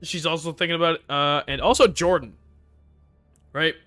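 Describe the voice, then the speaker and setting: A man's voice: fairly high pitch, steady tone, moderate pace, bright, forceful tone, soft background music. A young man chatting casually while gaming, tipsy and rambling, swearing freely. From United States. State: drunk. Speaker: gaming streamer.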